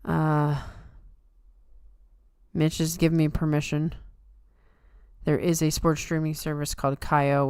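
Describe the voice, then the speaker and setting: A tired woman with a low, smooth voice hosts a livestream, chatting casually and answering her viewers' comments. The audio is clean studio sound with no room noise.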